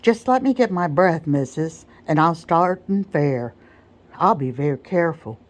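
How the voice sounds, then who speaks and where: A woman's voice: low voice, lively intonation, measured pace. A woman voicing a mischievous, cunning male servant with a thick drawling dialect, as whispered role-play in a storybook reading. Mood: wheedling. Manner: dialect-heavy, drawling, teasing.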